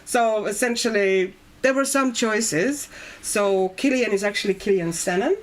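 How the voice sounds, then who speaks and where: A woman's voice: mid-range voice, unhurried. A middle-aged woman from Estonia hosting a casual livestream chat, talking in a chatty way and laughing often. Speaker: livestream host.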